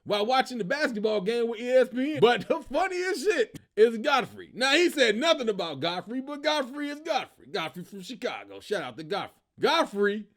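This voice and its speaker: A man hosting his own comedy show, giving casual, animated commentary and telling stories, laughing and slipping into character voices. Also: very high voice, moderate pace, few pauses.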